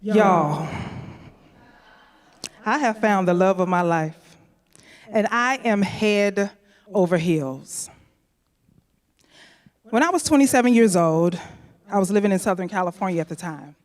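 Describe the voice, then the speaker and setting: A woman's voice: mid-range voice, a little slow, pauses often, long reverb tail. A woman from St. Louis telling a personal story on stage, playful and chatty, talking straight to the audience. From St. Louis, USA. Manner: playful, chatty, addresses audience with "y'all" and "honey". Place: event venue stage.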